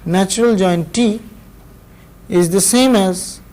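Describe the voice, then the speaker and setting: Indian guy lecturing, kinda high voice, slow and careful, pauses a lot between bits. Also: a little mellow, rough recording. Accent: Indian English. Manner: measured, explanatory, pauses between phrases. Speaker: university lecturer. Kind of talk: recorded classroom lecture.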